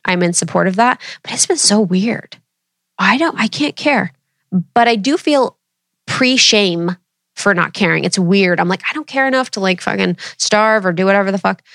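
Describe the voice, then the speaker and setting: A woman's voice: mid-range voice, dry recording, clean studio sound. A woman in her thirties chatting candidly with her viewers, casual and swearing freely. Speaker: vlogger.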